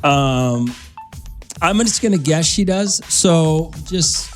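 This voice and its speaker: A man's voice: on the high side, expressive, slow, soft background music. A man hosting a morning radio show, chatting casually and rambling as he talks straight to his listeners from the studio.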